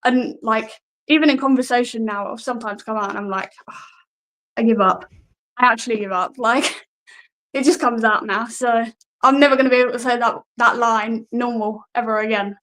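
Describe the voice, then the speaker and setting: A woman's voice: a little high, fairly even intonation, a little fast, fairly bright tone, rough recording. Laughing, self-effacing woman wrestler. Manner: self-deprecating, hesitant, laughs often. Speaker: guest wrestler. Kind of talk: casual interview answers.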